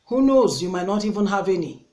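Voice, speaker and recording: A woman's voice: medium pitch, expressive, fairly quick, dark tone. A woman from Africa with an African English accent, scolding her critics in an opinion vlog, full of rhetorical questions. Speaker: YouTuber. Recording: echoey room.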